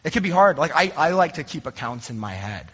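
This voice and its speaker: A man's voice: on the high side, big pitch swings, brisk, a bit bright, breathy edge. A young adult man preaching a sermon as a pastor, telling humorous, self-deprecating stories in a conversational way. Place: church sanctuary. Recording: dull recording in a reverberant hall.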